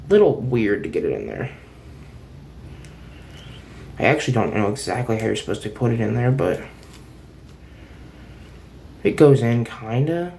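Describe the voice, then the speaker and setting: A man's voice: mid-range voice, vocal fry, a little mellow, slight background noise. A man giving a casual toy review at home, chatty and rambling, often restarting his sentences, recorded on a camera set on a table. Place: home room.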